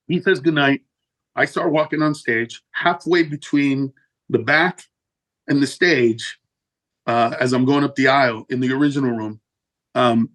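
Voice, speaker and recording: A man, a comedian, telling a profane story in a casual interview, animated and jumping up in pitch for punchlines. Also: poor audio. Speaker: guest comedian.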